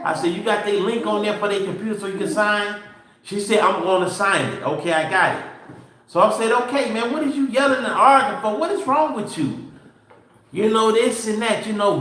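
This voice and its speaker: A middle-aged man with a notably high voice tells a long, rambling story in a casual live chat. He acts out his own dialogue as he goes. His voice rings through a very echoey room. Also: lively intonation, brisk, fairly bright tone. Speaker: show co-host.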